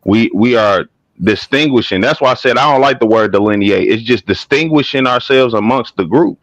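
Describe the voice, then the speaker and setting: A man with a Southern American accent presses his point hard, circling back and repeating words to drive it home. His mid-pitched voice comes through dull and lo-fi, very dry, with no room around it. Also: normal speed, no echo. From Southern United States. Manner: emphatic, insistent, repeats himself. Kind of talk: heated debate on a stream.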